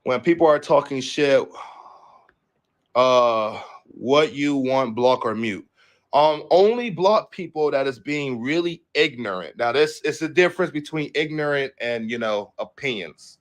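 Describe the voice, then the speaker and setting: A man's voice: mid-range voice, expressive, a little slow. Profane, rambling livestream host, man. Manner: profane, rambling, reads headlines aloud then riffs. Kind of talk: casual livestream commentary.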